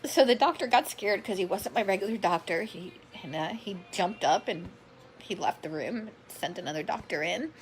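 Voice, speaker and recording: With a medium-pitched, animated voice at a moderate pace, a woman in her forties chats emotionally through her health story on a live stream. She greets viewers by name and calls herself a drama queen, though the audio quality is poor.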